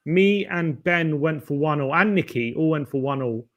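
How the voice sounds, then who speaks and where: A man on a casual football panel reading out predictions in a relaxed way. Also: on the high side, moderate pace.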